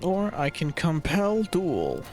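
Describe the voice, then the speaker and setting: A man's voice: a little high, wildly swooping pitch, takes it slowly, darkish tone, soft background music. A man giving casual gameplay commentary, muttering to himself and cursing often as he plans his moves. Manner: swears a lot, exasperated muttering to himself. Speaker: streamer playing a role-playing video game.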